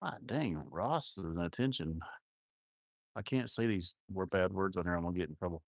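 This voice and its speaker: A man's voice: deep voice, normal speed, vocal fry, sharp tone, no echo, clean studio sound. A man hosting a casual farm livestream, rambling and joking with viewers in a self-mocking way with crude words. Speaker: livestream host of a cattle farm channel. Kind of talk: casual live-stream chat reading viewer comments.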